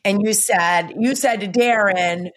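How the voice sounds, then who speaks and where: A woman in her fifties hosting a podcast, chatty and animated, laughing often as she retells stories. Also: medium pitch, unhurried, a little hiss or hum. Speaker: podcast host. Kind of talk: casual chat.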